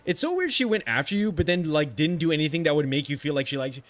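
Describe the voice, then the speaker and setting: A man's voice: a little high, big pitch swings, quick pace, no echo, faint music behind. A man streaming a game, venting in a rambling, frustrated way with many restarts and frequent swearing. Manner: swears freely. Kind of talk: casual chat while streaming.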